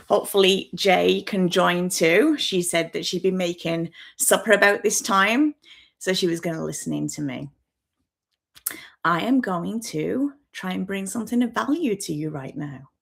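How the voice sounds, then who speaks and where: A woman in her fifties from Birmingham with a softened West Midlands accent, chatting nervously and laughing often as she hosts her own livestream on a laptop microphone. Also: on the low side, creaky. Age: 50s. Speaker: YouTuber hosting her first livestream. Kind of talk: casual livestream chat to viewers. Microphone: built-in laptop microphone.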